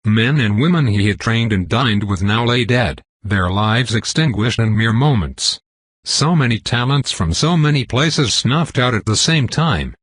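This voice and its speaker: A man narrating a dark fantasy web novel in a steady, measured storytelling voice. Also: on the low side, husky, no room sound. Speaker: audiobook narrator.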